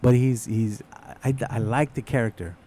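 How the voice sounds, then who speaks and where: A man chatting casually with friends, relaxed, swearing often and trailing off mid-sentence. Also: medium pitch, moderate pace. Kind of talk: casual chat.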